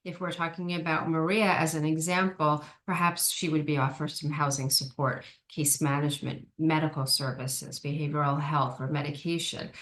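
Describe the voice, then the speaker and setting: A woman's voice: low-pitched, flat delivery, normal speed, few pauses, a bit bright. A woman giving an online training presentation, explaining steps carefully with frequent ums and small restarts. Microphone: video call.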